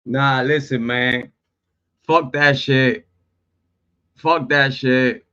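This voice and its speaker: A man's voice: mid-range voice, steady tone, extremely slow, sharp tone, clear, resonant tone. A man hosts a livestream in casual, profane talk. He laughs and mocks as he goes and greets viewers in the chat. The audio is dull and lo-fi. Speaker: livestream host.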